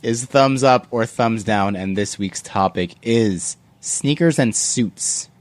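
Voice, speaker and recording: Man, podcast host, lowish voice, playful, laughs through segment intros. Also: takes it slowly, no room sound. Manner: playful, announces segments with a grin. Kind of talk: casual podcast chat.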